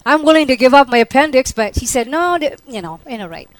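A woman with a somewhat high voice tells her personal testimony to a gathered audience. She acts out her own quoted lines with spirit, then lowers to a soft hush for the tender moments. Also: animated, fast talker, rough recording. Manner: drops to a soft hush when describing the vision. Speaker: testimony speaker.

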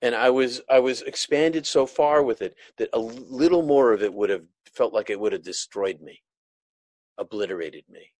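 A man giving an earnest, emotional personal testimony, halting often and restarting his sentences. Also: mid-range voice, a little mellow, dry recording. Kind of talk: personal testimony of a near-death experience.

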